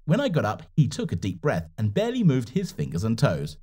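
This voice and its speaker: A man telling a first-person animated story in an expressive, dramatic scripted narration. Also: mid-range voice, a little fast, few pauses, breathy edge.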